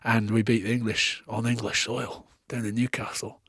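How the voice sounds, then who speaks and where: A man in his thirties, a former rugby player guesting on a podcast, telling lively stories in casual chat and repeating words as he gets going. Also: medium pitch, moderate pace, husky, dry recording, studio quality.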